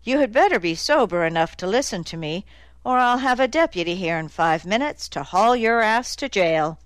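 For an audiobook, a woman voices a hard-edged male detective, sardonic and cutting, here in an angry mood with a dry, needling delivery. Her voice is medium-pitched, expressive and moderately paced, lightly acted, with no room sound.

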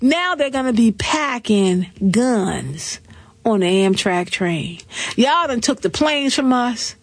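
A woman hosting a talk show, riffing through celebrity gossip with sassy, animated commentary and quick laughs. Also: fairly high pitch, no echo. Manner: animated, sassy storytelling with laughs and mock voices.

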